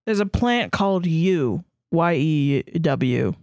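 A woman's voice: low-pitched, animated, darkish tone, dry recording, studio quality. A woman co-hosting a comedy podcast, reading fan fiction aloud with dramatic flair and stifled giggles. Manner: dramatic read-aloud, giggling, slow and deliberate. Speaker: podcast co-host.

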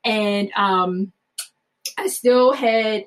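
A woman telling a personal story in a chatty, animated way, full of fillers and frequent laughs. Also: mid-range voice, very slow, a little hiss or hum, poor audio. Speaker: mother telling her birth story.

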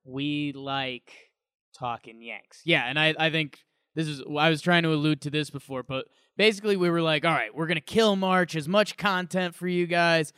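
Bright, animated male podcast co-host. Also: on the high side, brisk, clear, resonant tone, dry recording, clean studio sound. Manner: rambling, animated storytelling. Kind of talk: casual podcast chat.

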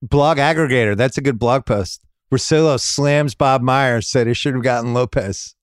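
Male podcast host, casual jokey chat, mid pitch, dry close studio mic. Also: moderate pace, no room sound. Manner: animated, jokey, reads ad copy conversationally.

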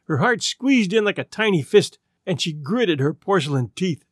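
Expressive male narrator for a storybook reading, high and lively, dry close sound. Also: normal speed, husky, dry recording. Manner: expressive, dramatic delivery.

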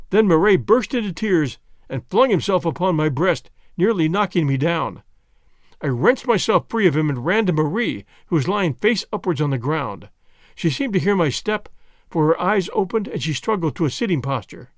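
A man reading a first-person adventure story aloud with an expressive, dramatic delivery. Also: a little high, moderate pace, dry recording, clean studio sound. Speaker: audiobook reader.

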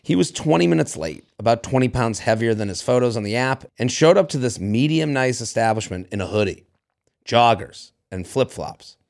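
A man's voice: medium pitch, expressive, normal speed, gravelly. A man co-hosting a podcast, reading a listener's story aloud in casual chat, playful and laughing often. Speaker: podcast co-host.

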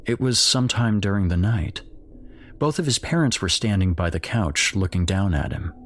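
A man narrating a dark horror story in a measured, grim storytelling voice. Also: deep voice, expressive, slight background noise.

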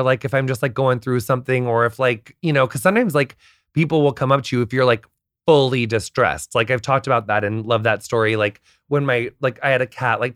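A man's voice: medium pitch, no echo, clean studio sound. An American man chatting as a podcast guest, telling stories in a rambling way full of fillers. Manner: rambling, full of "like", animated storytelling. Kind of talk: casual chat.

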